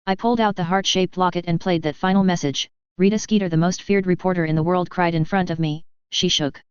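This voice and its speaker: A woman narrating a fan fiction story in an even, unhurried reading voice. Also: fairly low pitch, clear, resonant tone, no room sound. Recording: dull dry lo-fi audio.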